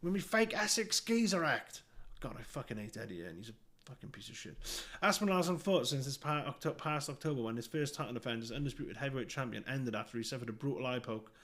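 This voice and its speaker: A man's voice: medium pitch, lively intonation, quick pace, a bit bright. A man reading out news and giving blunt, profane, scornful commentary.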